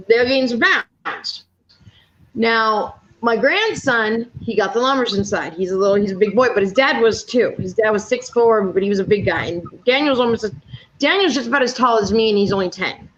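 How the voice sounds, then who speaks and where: A woman's voice: fairly high pitch, animated, normal speed, a bit bright, slight background noise. A woman in her fifties chatting casually, telling blunt stories with plenty of swearing. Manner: blunt, profane storyteller. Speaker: panel speaker. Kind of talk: casual chat. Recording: dull lo-fi audio.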